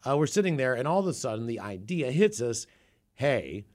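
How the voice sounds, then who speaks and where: Animated man telling a rowdy story. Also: medium pitch, fast. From Seattle area. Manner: animated, profane, rambling. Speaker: podcast co-host. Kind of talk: casual storytelling.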